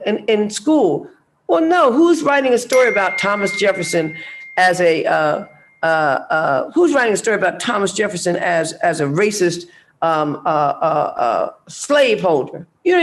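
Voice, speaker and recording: An older woman giving a public talk as guest speaker, telling personal stories bluntly and animatedly, with frank profanity. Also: on the low side.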